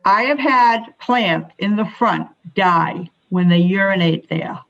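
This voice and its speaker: A woman's voice: medium pitch, slow pace, vocal fry. Casting: an exasperated woman at a town meeting, muffled lo-fi sound. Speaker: commission member. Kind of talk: casual meeting discussion.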